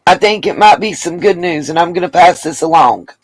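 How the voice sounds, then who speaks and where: A woman's voice: lowish voice, fairly quick, no room sound, rough recording. Chatty woman vlogger, dry close mic. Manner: chatty, apologetic asides, addresses viewers as y'all. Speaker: vlogger host. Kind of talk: casual commentary to viewers.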